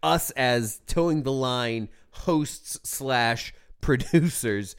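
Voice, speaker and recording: A man co-hosting a podcast, talking in a casual, animated, ranting way with plenty of swearing. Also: mid-range voice, drawn-out words, clear, resonant tone. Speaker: podcast co-host. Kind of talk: casual chat.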